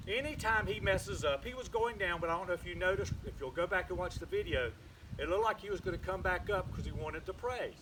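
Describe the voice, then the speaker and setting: A man with a Southern US accent, a dog trainer calmly explaining his methods between short commands to a puppy, recorded outdoors. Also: high-pitched, a little fast, noisy background. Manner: calm, explains while giving short commands.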